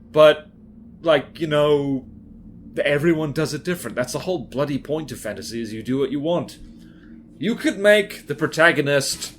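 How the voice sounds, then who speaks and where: A man giving casual gameplay commentary as a YouTuber, talking in a chatty, rambling, self-deprecating way with lots of fillers. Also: mid-range voice. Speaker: gaming YouTuber.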